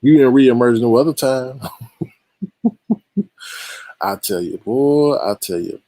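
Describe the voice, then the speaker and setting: A man's voice: medium pitch, animated, slow pace, warm tone, dry recording. A man hosting a live stream, giving casual and exasperated commentary on online drama straight to his viewers.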